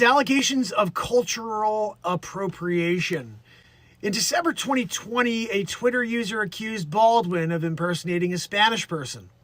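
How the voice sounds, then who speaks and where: A man with a fairly high, somewhat bright voice hosts a daily livestream, recorded with no room sound. He reads the news aloud and riffs on it, rambling and joking, swearing now and then and slipping into put-on voices.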